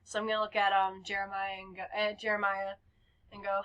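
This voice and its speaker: A woman's voice: medium pitch, monotone, a little fast, fairly bright tone, slight background noise. A woman playing a tabletop role-playing game, laughing often and switching between her character's words and casual table talk. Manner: giggly, talks in and out of character. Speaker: player.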